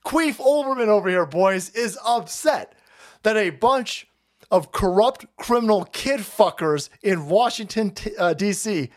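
A man hosting a political stream, ranting with heavy profanity and sarcastic mockery, often breaking into shouts. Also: sits high, measured pace.

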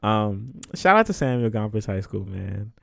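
A man's voice: lowish voice, big pitch swings, normal speed, creaky, fairly bright tone, no room sound, studio quality. A young man from the Bronx hosting his podcast, telling a story casually, swearing freely and laughing often as he talks. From the Bronx, New York. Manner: laughs often, profane and loose. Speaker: podcast host.

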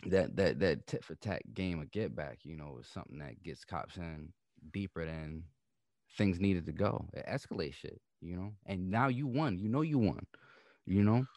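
A laid-back man who once worked as a police officer talks casually and throws in side comments. His voice is very deep. The sound is dry and close. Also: moderate pace, a little mellow, dry recording. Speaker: podcast co-host, former police officer. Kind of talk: casual conversation.

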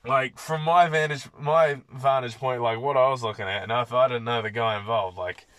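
A man's voice: mid-range voice, fairly even intonation, brisk, fairly bright tone, no echo. A young man hosting a podcast, telling rambling stories in casual talk full of swearing. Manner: profane, rambling storyteller. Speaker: podcast host. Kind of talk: casual monologue.

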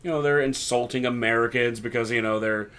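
A man's voice: mid-range voice, steady tone, fairly quick, fairly bright tone, smooth. Chatty young man recapping wrestling. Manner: chatty, acts out quoted lines. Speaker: podcast host. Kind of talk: casual wrestling recap chat.

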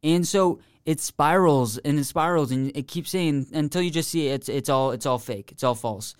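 Earnest young man, smooth dry voice. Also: on the high side, normal speed, dry recording. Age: young adult. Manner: earnest, rambling, many restarts and "like". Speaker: podcast guest. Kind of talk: casual faith testimony.

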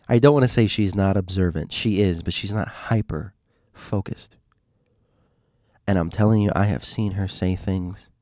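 A man telling a personal story in a rambling, animated monologue with frequent restarts. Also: low-pitched, no echo, studio quality. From Miami.

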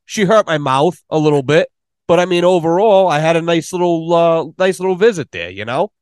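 A man's voice: fairly high pitch, animated, brisk, smooth, no echo, studio quality. A man in casual podcast conversation, telling rambling stories full of swearing. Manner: swears often, rambling storyteller.

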